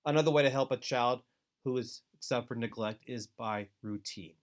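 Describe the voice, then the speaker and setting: A man giving an instructional webinar talk to foster parents, earnest and deliberate, with steady advising emphasis. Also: mid-range voice. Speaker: foster care trainer.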